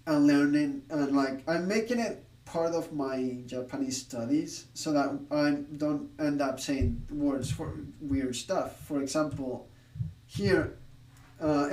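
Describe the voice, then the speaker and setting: A man streaming his study session, explaining his thoughts in a halting, self-correcting way. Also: a little high, a little mellow, roomy sound, recorded from a distance. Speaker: streamer learning a language.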